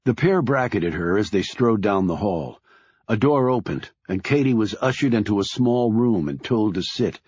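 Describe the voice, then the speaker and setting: Husky man narrating a thriller. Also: fairly low pitch, expressive, moderate pace, a little mellow, lo-fi sound. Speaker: audiobook narrator. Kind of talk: scripted narration.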